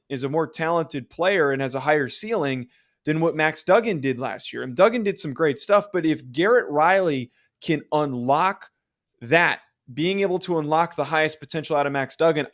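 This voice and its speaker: A man's voice: a little high, a bit bright. A man co-hosting a sports podcast who lays out a counterargument step by step in casual debate. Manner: measured, argues a counterpoint step by step. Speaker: podcast co-host.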